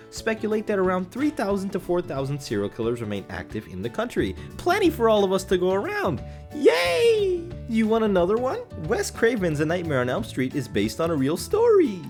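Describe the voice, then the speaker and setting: A man's voice: high voice, a little mellow, pitched above the performer's own voice. A man doing a chipper cartoon bear. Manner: sing-song, overly cheerful. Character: chipper male cartoon bear sharing grim fun facts.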